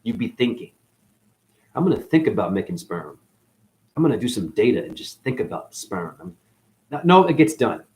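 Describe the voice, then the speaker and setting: A man hosting a rambling esoteric monologue, jumping between wordplay and sudden loud and soft swings, calling his listeners honey. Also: on the low side, very animated, moderate pace, long pauses. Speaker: channel host.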